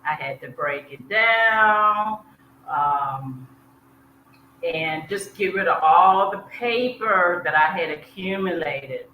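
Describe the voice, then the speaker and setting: A woman from South Georgia with a Southern US accent, a podcast guest chatting in an easy, unhurried way and laughing at herself. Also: lowish voice, animated, pushed and bright. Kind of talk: casual interview chat. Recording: echoey room with faint hiss.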